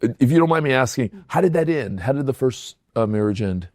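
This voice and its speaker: A man's voice: mid-range voice, lively intonation, brisk, darkish tone, no echo, studio quality. A man hosting a podcast interview, asking curious questions with short replies between them. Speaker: podcast host. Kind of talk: casual interview chat.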